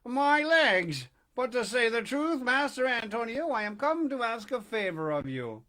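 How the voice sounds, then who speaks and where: A man voicing a hot-tempered, lively little old man who makes wooden puppets, speaking loudly in a storybook reading. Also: extremely high pitch, unhurried, pitched above the performer's own voice, exaggerated voice. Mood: eager. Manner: loud, hot-tempered and indignant.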